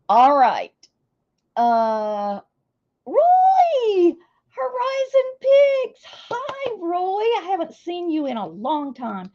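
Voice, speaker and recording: A woman's voice: a little high, dark tone, highs cut off. A woman hosting a casual livestream, chatting with viewers and calling out their names with a chatty, self-deprecating manner. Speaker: livestream host.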